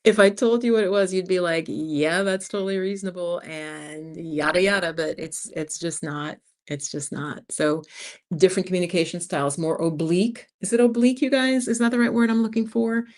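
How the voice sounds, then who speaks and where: A woman's voice: on the low side, normal speed. A woman in her fifties with a New York accent, hosting a casual livestream and talking frankly to her viewers as "you guys.". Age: 50s. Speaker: channel host.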